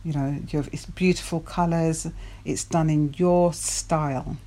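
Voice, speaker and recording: Slow, low-voiced woman coaching viewers. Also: fairly even intonation, mellow. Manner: poses rhetorical questions, repeats key words for emphasis. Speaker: dating and self-development coach. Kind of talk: motivational talk to viewers.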